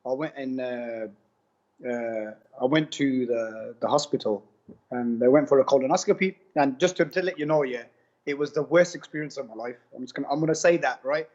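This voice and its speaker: A man giving a testimonial interview, telling his story in an animated, casual way full of slang and repetition. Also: medium pitch, brisk. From United Kingdom. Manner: animated, repeats himself, slangy with "bro" and "man". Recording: dull lo-fi sound.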